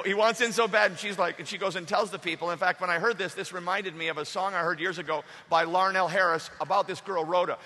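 A male pastor preaching a lively sermon, acting out the story and drawing the congregation in. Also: sits high, slight background noise. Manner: animated, acts out the story with the congregation. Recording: echoey hall.

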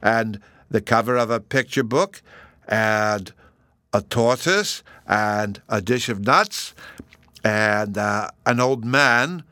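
A man voicing a small, solemn boy who lisps and speaks slowly. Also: lowish voice, sharp tone, dry recording. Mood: solemn, childlike. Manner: childish lisp, slow and grave.

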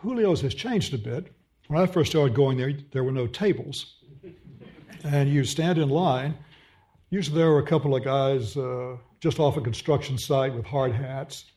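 A man's voice: mid-range voice, normal speed, warm tone. Man with a mild Austin, Texas accent. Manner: fluent storyteller with a dry wit. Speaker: professor and interviewer. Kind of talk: onstage conversation.

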